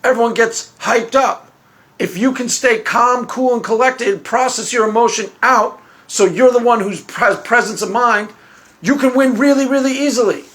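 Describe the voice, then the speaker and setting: A man with a notably high voice talks through a loose, rambling commentary. He repeats himself, chuckles often and keeps a casual, offhand tone. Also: normal speed, fairly bright tone. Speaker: YouTube commentator. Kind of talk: casual monologue.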